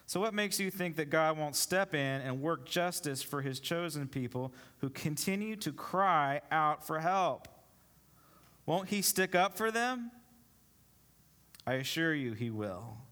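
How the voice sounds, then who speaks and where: A man preaching a sermon, easygoing in his asides and slow and deliberate when he reads scripture. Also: fairly high pitch, fairly bright tone. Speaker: pastor.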